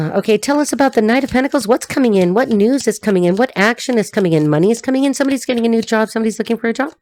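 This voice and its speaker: A woman's voice: on the high side, animated, rapid-fire, hardly any pauses, darkish tone, no room sound. A woman giving a casual tarot reading to camera, blunt and profane, laughing often, her voice cracking a little. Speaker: tarot reader and life coach.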